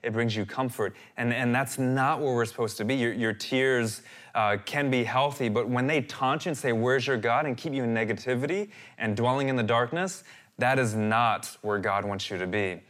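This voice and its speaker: A man's voice: medium pitch, normal speed. A man in his thirties preaching a sermon as a pastor, earnest and given to repeating his phrases. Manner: earnest, repeats phrases, animated when quoting.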